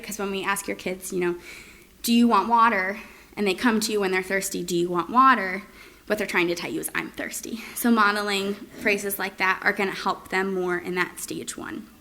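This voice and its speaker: Female speech presenter with a bright, tense voice, explaining strategies in a relaxed, filler-heavy way. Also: medium pitch. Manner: frequent ums, sing-song modeled phrases. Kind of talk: informal training presentation.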